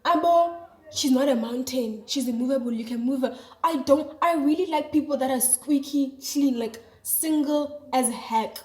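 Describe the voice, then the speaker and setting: A young woman with a South African accent and a bright, high voice, chatting in an animated, slang-heavy storytelling style. She is recorded in a roomy space that adds a clear echo to her voice. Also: normal speed. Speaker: vlogger. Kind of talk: casual storytelling to camera. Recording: echoey room.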